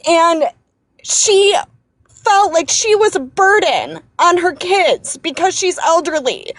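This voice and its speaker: A woman's voice: very high voice, lively intonation, slow, a bit bright, dry recording. A woman calling into a live stream, speaking in an impassioned political rant, angry and shaken, repeating herself and restarting her sentences. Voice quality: emphatic, repeats herself, restarts when upset.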